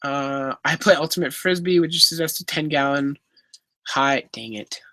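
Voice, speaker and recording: A young man in his twenties hosts a relaxed livestream, reading viewer questions and answering in a chatty, quick-to-apologize way. His voice is bright and forward, and the sound is dry and close with no room around it. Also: a little high, no echo. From Canada. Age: 20s. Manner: chatty, apologetic, easily laughing. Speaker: livestream host. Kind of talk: casual livestream Q&A, reading chat aloud.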